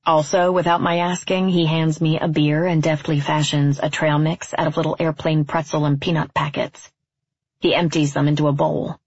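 A woman reading a first-person story aloud in a measured, wryly understated way. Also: low-pitched, level tone, slightly rough, no echo, dull audio. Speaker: narrator.

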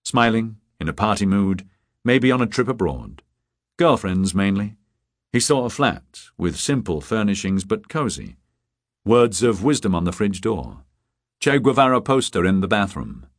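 A man narrating a crime novel audiobook in a measured, even reading. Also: on the low side, no room sound, studio quality. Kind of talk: scripted narration.

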